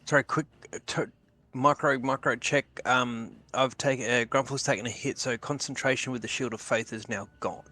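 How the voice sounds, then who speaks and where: A man playing in a tabletop game, quickly and apologetically checking a rule. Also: medium pitch, fairly even intonation, bright, forceful tone. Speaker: player. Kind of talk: casual game chat.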